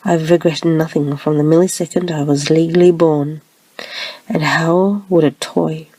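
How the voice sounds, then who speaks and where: A woman's voice: sits low, fairly even intonation, measured pace, dark tone, slightly rough, no echo, full character voice. A woman voicing an arrogant, ruthless woman enforcer from the future in a whispered role-play, speaking with scorn and threats. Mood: scornful.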